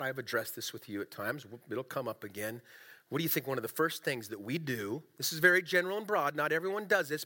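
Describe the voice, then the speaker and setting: A middle-aged pastor preaches a sermon in a conversational, animated and self-deprecating manner, speaking in a mid-range voice.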